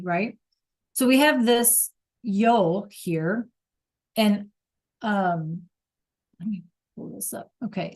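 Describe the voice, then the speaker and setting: A woman teacher talks her online class through a lesson in a relaxed, unhurried way. She is chatty and casual, full of fillers and quick check-ins with her students. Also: mid-range voice. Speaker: Spanish teacher.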